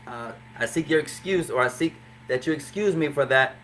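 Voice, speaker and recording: A man teaching an Arabic class in English, explaining phrases slowly and repeating them. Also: on the high side, fairly bright tone, slight background noise. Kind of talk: classroom lesson.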